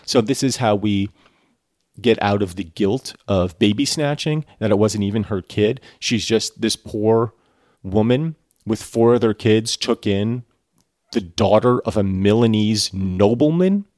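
A man's voice: lowish voice, measured pace, a little mellow, dry recording, clean studio sound. A man reading a novel aloud and breaking off for sarcastic, irreverent commentary. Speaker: reader and commentator.

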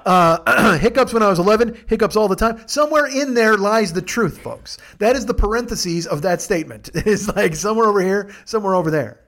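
A man hosts a comedy podcast alone, riffing in a rambling, profane monologue. He talks fast in a slightly high voice and keeps veering into absurd, self-mocking tangents. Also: fairly bright tone. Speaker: podcast host.

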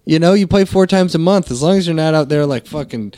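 A man co-hosting a casual sports chat, laid-back and swearing a lot, often dropping his voice low. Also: fast, dark tone, no echo. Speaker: podcast co-host.

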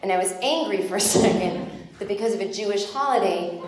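A woman performing a stand-up comedy set, chatty and exasperated, with quick asides. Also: mid-range voice, darkish tone. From United States. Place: comedy show venue. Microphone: phone in the audience. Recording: echoey club taped on a phone.

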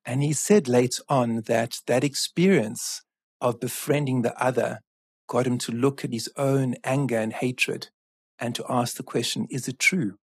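A man from Africa, a guest author telling a story in an earnest, measured way, often restarting a phrase. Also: mid-range voice, fairly even intonation, breathy edge, no echo, studio quality. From South Africa. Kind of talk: reflective storytelling in conversation.

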